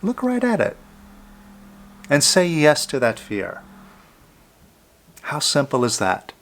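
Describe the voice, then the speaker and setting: Calm coaching man, soft-spoken. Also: on the high side, slow pace. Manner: calm, coaching, speaks directly to the listener; drops to a soft near-whisper on "I love you, fear". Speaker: self-help teacher. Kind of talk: guided self-help talk.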